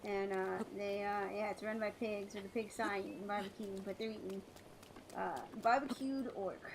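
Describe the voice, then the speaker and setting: A woman's voice: mid-range voice, fairly even intonation, normal speed, noisy background. A woman streamer chatting casually while she plays, rambling with many fillers and restarts. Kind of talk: casual chat while gaming.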